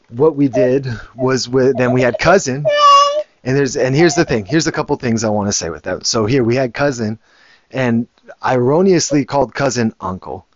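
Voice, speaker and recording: A father who hosts a show tells a casual, rambling story, restarting often and dropping the occasional curse word. His voice is medium in pitch. The recording is lo-fi with no room sound.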